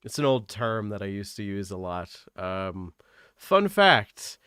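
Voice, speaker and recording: A man's voice: fairly low pitch, sing-song, a little slow, bright, forceful tone, clean tone, no room sound, clean studio sound. A young man from Eastern Canada streaming, chatting casually on a call, rambling and self-deprecating with lots of fillers. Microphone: desk microphone.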